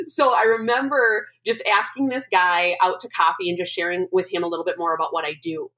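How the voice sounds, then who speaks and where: A woman guest on a podcast, telling a personal story in an animated, emotional way. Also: lowish voice, a little fast, low-quality recording. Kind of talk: casual storytelling interview.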